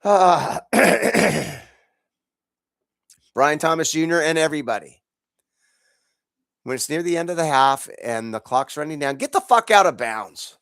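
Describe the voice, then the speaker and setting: A man's voice: high-pitched, creaky, a bit bright, dry recording, studio quality. A man hosting a podcast, ranting about football in a profane, exasperated way, congested from allergies. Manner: angry, profane, exasperated, laughs in bursts. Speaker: podcast host. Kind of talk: profane sports rant.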